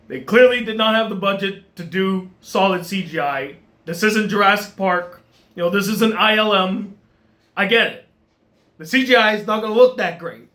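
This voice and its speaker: High-voiced man reviewing a film. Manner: animated, laughing, frequent restarts. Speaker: movie reviewer.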